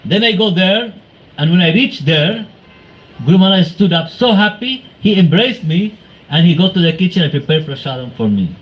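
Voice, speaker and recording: A Venezuelan devotee with a high-sitting voice tells devotional stories at a normal pace in a temple hall, animatedly acting out quoted exchanges in his anecdote-filled talk. The recording is muffled, with faint background noise.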